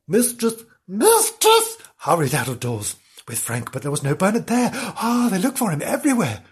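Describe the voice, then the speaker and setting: A man's voice: sits high, wildly swooping pitch, normal speed, slightly rough. A man reading a children's story aloud as a comedy host, breaking off for mocking asides.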